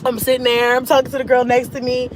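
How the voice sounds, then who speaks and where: High-voiced woman telling a dramatic story. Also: fast, slight background noise, poor audio. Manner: animated, dramatic retelling with laughs and voiced-out inner thoughts. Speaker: mom vlogger. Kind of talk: casual storytime chat.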